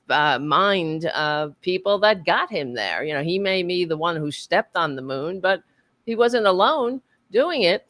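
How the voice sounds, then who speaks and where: A woman's voice: lowish voice, fairly bright tone, no room sound. An American woman on a podcast panel, talking in an impassioned, profane way with many restarts. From United States. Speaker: book club panelist. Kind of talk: podcast discussion.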